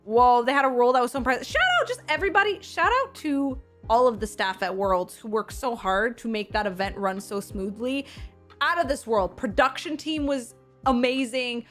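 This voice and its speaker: Woman streamer, high voice, bubbly and effusive, casual chat, faint music behind. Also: normal speed, fairly bright tone. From Seattle area. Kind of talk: casual livestream chat with viewers.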